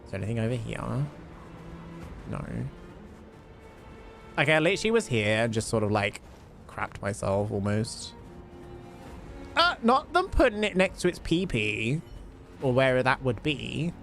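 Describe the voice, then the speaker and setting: A man's voice: mid-range voice, very animated, unhurried, creaky, long pauses, a bit bright, faint music behind. A man streaming a game live, chatting casually with lots of fillers and laughs.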